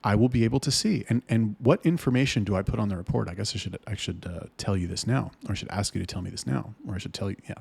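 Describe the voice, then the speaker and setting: Guy ranting about his staff, cusses a lot, kinda raspy, low voice. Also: quick pace, few pauses, a little mellow. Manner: blunt, heated, swears a lot. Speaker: business owner talking to camera. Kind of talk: casual rant to camera.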